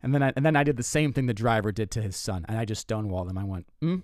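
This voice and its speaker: A young man hosting a podcast, telling a comic story in a casual, animated way, stumbling and restarting often. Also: rapid-fire, no echo, studio quality. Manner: animated, self-interrupting, swears, jumps pitch for quoted lines. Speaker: comedian podcast host.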